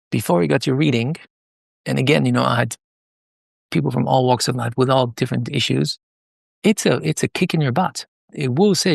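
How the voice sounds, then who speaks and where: Gravelly middle-aged man telling stories. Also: mid-range voice, no room sound, studio quality. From Iran. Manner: animated, hesitant with many fillers and restarts. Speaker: podcast guest, palm leaf reading moderator. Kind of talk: conversational interview storytelling.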